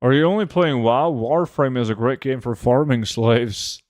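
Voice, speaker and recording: A relaxed man, chatting on a game livestream in a middle-of-the-range voice. He talks loosely, full of little fillers. The sound is dry and close, with no room around it. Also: medium pitch, moderate pace, dry recording. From Norway. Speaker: game streamer. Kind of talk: casual livestream chat, reading chat aloud.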